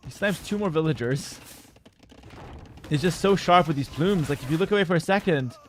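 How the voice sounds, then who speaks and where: A man casting a strategy game tournament live, casual and opinionated, breaking into excited shouts at big plays. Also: a little high, normal speed, slight background noise. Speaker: esports caster.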